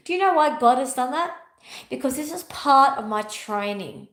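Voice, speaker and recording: A woman talks as a spiritual teacher in a fairly high voice. She speaks emphatically and hammers her points home by repeating them. The recording has a roomy echo from her home. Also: animated, moderate pace, a bit bright. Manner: emphatic, repeats key phrases. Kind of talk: spiritual motivational talk.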